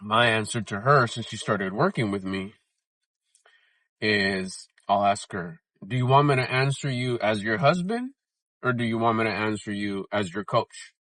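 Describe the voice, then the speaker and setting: A man's voice: lowish voice, normal speed, a bit bright, no echo, poor audio. A man in his fifties vlogging casually while out running errands, talking in a rambling, reflective way with frequent restarts. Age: 50s. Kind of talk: casual vlog chat.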